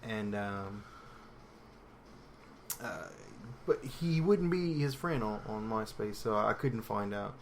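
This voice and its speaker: A man's voice: lowish voice, slow, creaky, long pauses, slight background noise, pitched below the performer's own voice. A man on a casual podcast putting on a clumsy mock British accent that keeps drifting toward Australian, telling a story with many hesitant restarts.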